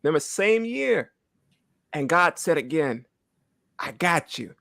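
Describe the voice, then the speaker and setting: A man in his thirties gives a slow but very animated church testimony in a fairly high, gravelly, slightly bright voice with no echo. Holding back tears, he is earnest, repeats phrases, and often asks "right?"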